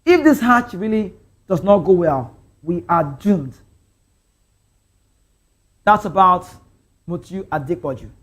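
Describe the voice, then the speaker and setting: A man's voice: high-pitched, slow pace, long pauses. A young Nigerian man with a Nigerian accent, hosting a casual football talk stream, chatting and reading out viewer comments, slipping into pidgin. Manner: chatty, animated, drifts into pidgin. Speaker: sports show host.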